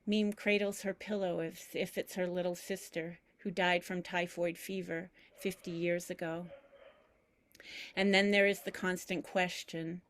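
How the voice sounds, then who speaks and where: A woman reads her own memoir aloud, slowly and reflectively, letting each phrase settle. Her voice sits fairly low, and the recording is close and completely dry. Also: flat delivery, fairly bright tone, dry recording. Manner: measured, reflective, deliberate pauses. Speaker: memoir reader. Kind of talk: reading a personal memoir aloud.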